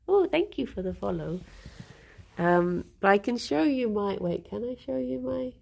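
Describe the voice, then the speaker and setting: A woman chatting casually on a live stream, halting with fillers and breaking off to baby-talk to her pet. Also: mid-range voice, expressive, gravelly, darkish tone, a little hiss or hum.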